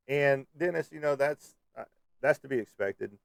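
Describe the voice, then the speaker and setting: A man's voice: medium pitch, measured pace, creaky, smooth, no echo. A man hosting a live stream, chatting casually with viewers in a rambling, joking way with lots of fillers. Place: Kansas City area.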